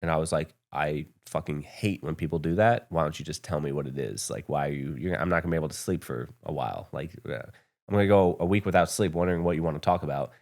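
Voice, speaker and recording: Very deep-voiced man telling a story. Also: fast talker, darkish tone. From United States. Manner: candid, profane, rambling with fillers. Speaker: podcast guest, business founder. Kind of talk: casual storytelling interview. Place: podcast studio.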